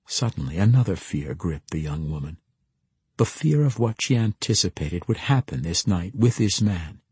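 Male narrator, audiobook, steady measured delivery, husky voice, low pitch, dry close sound. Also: dry recording.

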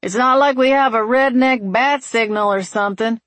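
A woman voicing a wry, patient man with a dry, steady, gently teasing manner. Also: medium pitch, normal speed, dry recording, natural voice.

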